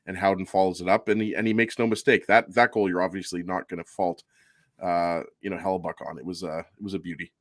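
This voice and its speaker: A man's voice: sits low, steady tone, fast talker, no echo, clean studio sound. A man co-hosting a hockey post-game show, talking casually with many ums and likes.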